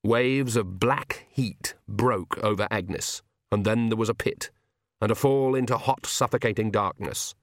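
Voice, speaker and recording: A man narrating a comic fantasy audiobook in a measured storytelling manner. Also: on the low side, dry recording, clean studio sound. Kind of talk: scripted narration.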